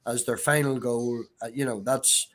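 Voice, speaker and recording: A man's voice: mid-range voice, steady tone, normal speed, fairly bright tone. A man from Ireland, chatting casually on a stream and explaining things step by step with casual swearing. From Northern Ireland. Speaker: stream guest. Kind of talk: casual chat.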